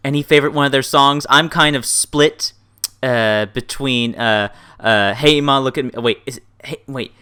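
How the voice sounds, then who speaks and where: A man hosting a casual interview, jokey and excitable, laughing often. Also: medium pitch, normal speed, smooth. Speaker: interview host.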